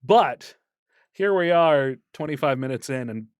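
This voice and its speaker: A man's voice: mid-range voice, animated, unhurried, clear, resonant tone, no room sound, clean studio sound. A man co-hosting a podcast, rambling through stories in a playful way and laughing often. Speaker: podcast co-host. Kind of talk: casual late-night chat.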